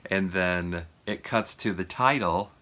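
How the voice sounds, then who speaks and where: A vlog host casually reviews a film, rambling with lots of filler words and chuckles. His low voice is a little slow but bright and forceful in tone.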